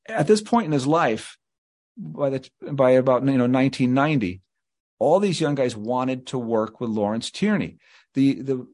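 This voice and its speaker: A man's voice: medium pitch, darkish tone. A man with a mid-range voice, spinning rambling anecdotes as a guest author. He talks in long, meandering stretches and often acts out what other people said. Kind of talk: anecdotal storytelling in an interview.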